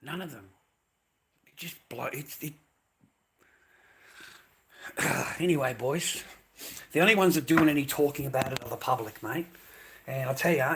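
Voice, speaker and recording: A man's voice: medium pitch, a bit bright. Blunt, swearing Australian man streaming. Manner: blunt, swears constantly, repeats himself. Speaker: livestreamer. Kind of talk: profane livestream rant to chat.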